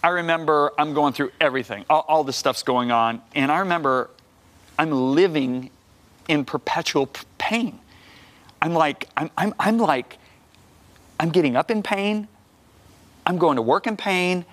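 Middle-aged man, minister, animated testimony, acts out dialogue, slightly high voice. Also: measured pace, long pauses. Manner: animated storyteller, rising loud when emphatic. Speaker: guest minister. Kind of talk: testimony in a talk show.

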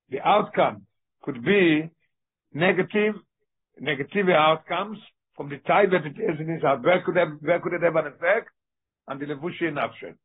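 A man teaching a text study lesson. He reads passages aloud quickly and then explains them more slowly. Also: on the high side, husky. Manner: reads Hebrew quickly, then explains slowly in English with Yiddish-inflected terms. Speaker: Torah teacher. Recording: tinny phone-line audio.

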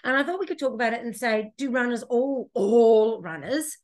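Brief: chatty woman co-host, fairly high voice, quick asides, laughs a lot. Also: animated, a little mellow. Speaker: podcast co-host. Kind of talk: casual chat.

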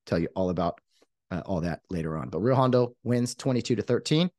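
A man's voice: low voice, expressive, fairly quick, a little mellow, no echo, studio quality. A man hosting a podcast, talking in a fired-up, emphatic way that rambles with restarts. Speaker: podcast host. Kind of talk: excited podcast monologue.

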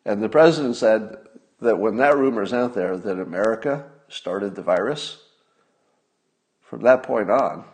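A man's voice: on the low side, lively intonation, a little slow, darkish tone. A man hosting a solo podcast, talking casually in a wry manner, with asides and restarts. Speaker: podcast host.

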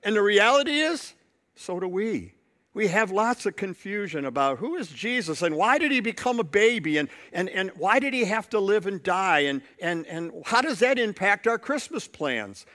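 A man's voice: sits high, sing-song, normal speed, sharp tone. A male pastor preaching a sermon, telling a story and building points through repetition.

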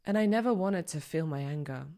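A woman's voice: deep voice, animated, fairly quick, mellow. A young adult woman hosting a podcast, talking candidly and rawly about her feelings, swearing and near tears at times. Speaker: podcast host. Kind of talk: personal reflective monologue.

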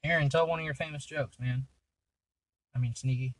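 A man's voice: medium pitch, steady tone, fairly quick, no echo, rough recording. A man hosting a casual podcast who tells jokes in a laid-back, profane way and laughs often. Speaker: podcast host. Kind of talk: casual chat and joke telling.

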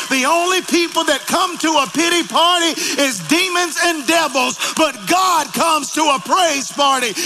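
Man, pastor, fiery sermon, bright tense tone, long hall echo. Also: very high-pitched, slight background noise. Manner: calls out to congregation, rises to shouting. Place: church sanctuary.

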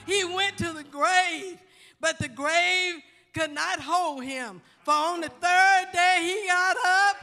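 A woman pastor preaches a fervent gospel sermon from a church sanctuary, layering and repeating her lines as she builds. She speaks slowly in a very high voice that sounds pushed and bright. Reverb from the church hall surrounds her, with faint music in the background.

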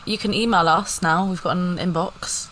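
A woman's voice: fairly low pitch, normal speed, fairly bright tone, slight background noise, low-quality recording. A young woman co-hosting a podcast over a video call, chatting casually and teasing her co-host with lots of laughter. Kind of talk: casual chat.

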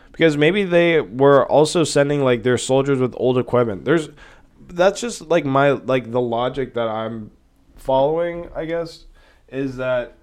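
A man's voice: mid-range voice, a little slow, a little mellow, clear, resonant tone. A young man hosting a solo podcast, ranting heatedly and rambling, with plenty of swearing. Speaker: podcast host. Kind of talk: casual solo podcast rant.

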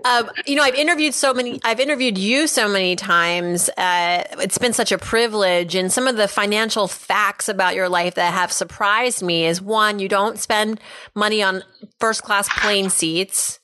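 A woman hosts a podcast interview. Her voice is bright and forceful, at a middle pitch. She asks questions in a friendly way and adds quick asides. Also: fairly even intonation. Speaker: podcast host.

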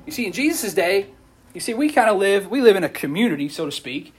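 A preacher man with a high, husky voice talks through a sermon in a casual, animated way. He keeps the audience involved with questions and quick asides. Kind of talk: casual sermon to a youth group.

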